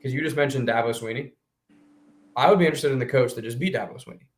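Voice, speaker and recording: A man co-hosting a sports podcast, talking casually in an animated, emphatic way with quick restarts. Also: medium pitch.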